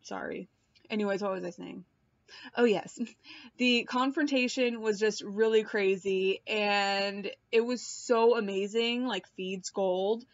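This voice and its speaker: A woman's voice: medium pitch, steady tone, slow. A woman in a casual, rambling chat to her viewers, filmed on a laptop mic at home, swearing and laughing often. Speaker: vlogger. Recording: dull lo-fi laptop audio.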